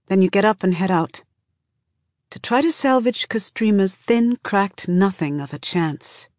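A woman reading an audiobook in a measured, even second-person storytelling manner, close to the microphone. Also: medium pitch, dry recording. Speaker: audiobook narrator. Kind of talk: scripted narration.

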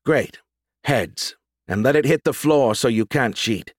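A man voicing a bossy, sharp-tongued woman who talks in a curt, bickering way. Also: mid-range voice, expressive, a little slow, no room sound, studio quality, voice pushed up. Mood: sniping.

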